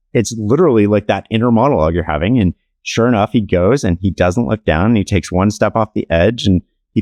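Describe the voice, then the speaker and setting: Deep-voiced man telling a story. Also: no echo, clean studio sound. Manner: relaxed, anecdotal, many "like" fillers. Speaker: author and podcast guest. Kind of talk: conversational interview storytelling.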